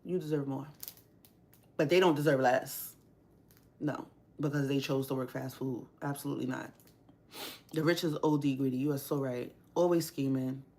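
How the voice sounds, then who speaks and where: A woman's voice: very deep voice, fairly even intonation, normal speed, long pauses, darkish tone. A young woman hosting a casual livestream, ranting bluntly with frequent swearing and strong opinions. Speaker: livestream host. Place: home workspace.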